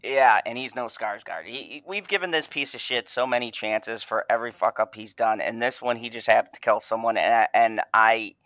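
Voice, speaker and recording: A man's voice: mid-range voice, brisk, few pauses, pushed and bright, dry recording. A man hosting an online fan podcast, ranting angrily with heavy profanity and stammered restarts. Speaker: podcast host. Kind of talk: ranting casual chat. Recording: dull, dry home mic sound.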